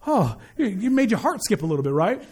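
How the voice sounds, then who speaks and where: High-voiced man preaching earnestly. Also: big pitch swings, fast talker, darkish tone, breathy edge. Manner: earnest, repeats key phrases for emphasis; frequent stammered restarts. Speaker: pastor. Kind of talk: conversational sermon.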